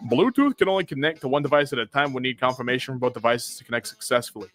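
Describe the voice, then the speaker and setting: A man's voice: mid-range voice, fairly bright tone, faint music behind. A man streaming live, reading memes aloud and joking about them in playful voices. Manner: jokey, reads captions aloud in quick voices. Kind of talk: live meme reaction commentary.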